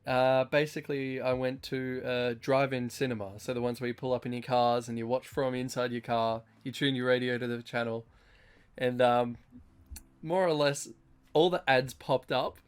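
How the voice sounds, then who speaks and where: A man's voice: mid-range voice, fairly even intonation, normal speed, smooth. An Australian man co-hosting a casual podcast, swearing freely and laughing as he tells stories. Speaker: podcast co-host.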